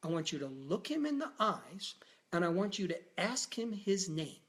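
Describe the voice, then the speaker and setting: A man quoting a calm, grounded male doctor who speaks slowly and seriously, in his own voice. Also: high-pitched, lightly acted. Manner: slow, serious, instructive.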